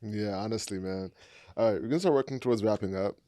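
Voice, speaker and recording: A man's voice: lowish voice, fast talker, dark tone, no echo, studio quality. A man hosting a podcast, asking casual, loosely phrased questions with some hesitation. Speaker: podcast host. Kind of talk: interview questions.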